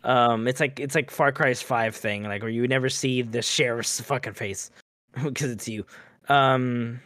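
A man co-hosting a casual gaming podcast, relaxed and quick to agree, swearing casually and chuckling. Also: medium pitch, no echo, clean studio sound. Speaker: podcast co-host.

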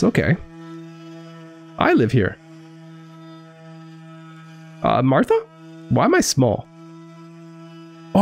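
Young man gaming streamer, excitable and swearing, very lively pitch, music playing faintly under him. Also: gravelly. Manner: excitable, swearing, joking to viewers. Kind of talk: live gameplay commentary.

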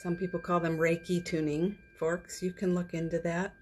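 A woman's voice: lowish voice, flat delivery, normal speed, slight background noise. A woman hosting a daily live stream from her phone at home, chatting casually about spiritual matters, laughing often and trailing off mid-sentence.

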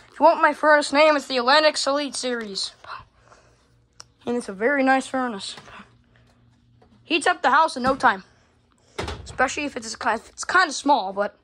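A woman filming a casual home vlog on her phone, rambling excitably and swearing constantly as she shows off her fans. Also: high-pitched, a little hiss or hum. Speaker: hobbyist vlogger showing her fans. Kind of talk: casual unscripted vlog commentary. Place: indoors at home. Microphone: phone camera held while filming.

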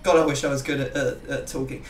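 A man's voice: medium pitch, fairly even intonation, quick pace, echoey room, far from the mic, slight background noise. A young man hosting a gaming video, chatting casually and rambling with self-mocking jokes. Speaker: YouTube gaming host.

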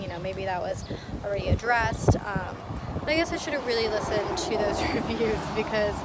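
Young woman vlogger, casual, candid, filler-heavy; mid pitch; noisy outdoor camera audio with traffic behind. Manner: chatty, candid, frequent ums and likes. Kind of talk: casual vlog talk to camera. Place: outdoors and at home in Florida, handheld camera. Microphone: built-in camera mic.

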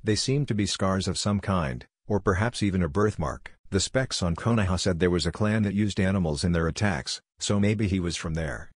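A man narrating a fan-fiction story in an even, storytelling manner. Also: low voice, moderate pace, few pauses, husky, no room sound, clean studio sound.

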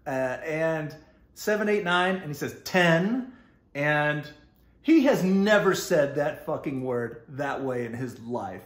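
A man's voice: on the high side, expressive, unhurried, reverberant. A man with a Texan accent telling a personal story casually, rambling with lots of fillers and restarts and laughing often. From Texas.

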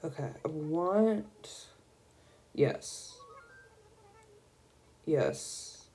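A young woman streaming a video game, gushing and excitable as she squeals over new items. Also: sits low, drawn-out words. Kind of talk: casual gameplay commentary.

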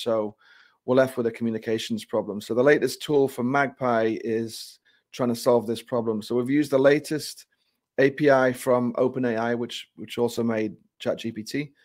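A man giving a casual, joking product demo, relaxed and restarting phrases as he goes. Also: mid-range voice. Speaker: company presenter.

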